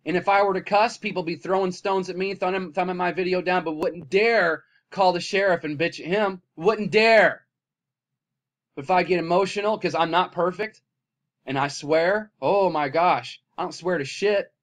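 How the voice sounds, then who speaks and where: A man with a slightly high voice delivers an impassioned rant straight to his own camera. He swings from loud, heated outbursts down to low, weary muttering, profanity and all. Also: steady tone, fairly quick. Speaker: vlogger.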